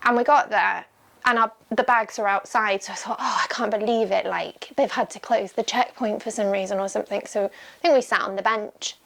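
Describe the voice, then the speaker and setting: A woman's voice: medium pitch, fairly even intonation, fairly quick, creaky, a bit bright. A young adult woman, an ultramarathon runner, recalling her race in a candid, chatty documentary interview full of "like" and "um".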